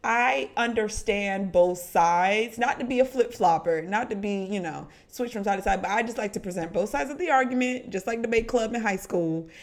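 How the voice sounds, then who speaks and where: A woman co-hosting a casual podcast, talking through a reality-TV episode. She is animated and chatty, and she keeps calling her listener honey. She weighs both sides as she talks. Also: medium pitch, normal speed, hardly any pauses. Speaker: podcast co-host. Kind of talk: casual reality-TV recap chat.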